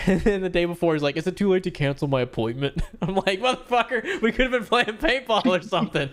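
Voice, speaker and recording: A man's voice: sits high, fast, fairly bright tone. A man in casual podcast chat, crude and blunt, joking with friends. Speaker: podcast regular.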